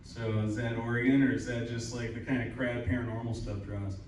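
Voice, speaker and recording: A man's voice: mid-range voice, flat delivery, brisk. A young man doing a stand-up comedy set at a live show, rambling, crude and self-deprecating. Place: upstairs room of a cider house at a live show. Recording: very echoey room, voice from far off, faint room noise.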